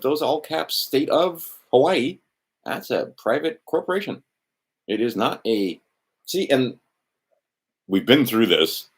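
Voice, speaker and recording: A man's voice: mid-range voice, slightly rough. A man hosting an informal instructional talk, thinking aloud, trailing off and restarting, and acting out quoted exchanges. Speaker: host of an instructional video.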